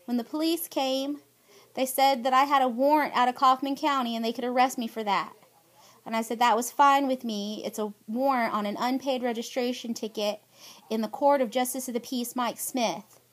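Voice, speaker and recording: High-voiced, aggrieved woman. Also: steady tone, normal speed. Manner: aggrieved, emphatic, pleading. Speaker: vlogger. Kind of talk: spoken personal statement.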